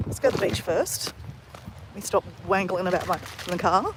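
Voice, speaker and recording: A woman's voice: fairly low pitch, expressive, moderate pace, noisy background. A woman with an Australian accent hosts a casual live stream from a beach on her handheld phone, chatting with viewers by name and laughing often. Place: outdoors at a beach at sunrise.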